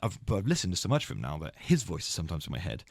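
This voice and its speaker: Fast, lively-pitched man hosting a podcast. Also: gravelly, breathy edge, dry recording, clean studio sound. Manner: rambling, self-mocking, jumps into high silly impressions. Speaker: podcast host. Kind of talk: casual chat. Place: podcast studio.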